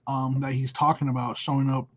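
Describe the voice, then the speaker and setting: A man's voice: medium pitch, little pitch movement, brisk. Dry-humored man on dull lo-fi audio. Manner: dry, self-deprecating humor. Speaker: podcast co-host. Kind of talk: casual chat.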